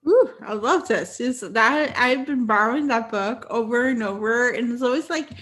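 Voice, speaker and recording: A woman's voice: fairly high pitch, moderate pace. A woman hosting a podcast, chatting casually about books and laughing as she tells stories. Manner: animated, laughs while telling stories. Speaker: podcast host.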